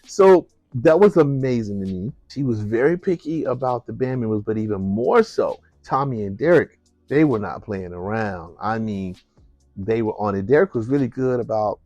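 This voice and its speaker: A man with a low voice tells a personal story with lots of energy, acting out the people in it and laughing along the way. The sound is dry and close to the mic. Faint music plays underneath. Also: moderate pace, dry recording, dull audio. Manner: animated, acts out voices, laughs while telling.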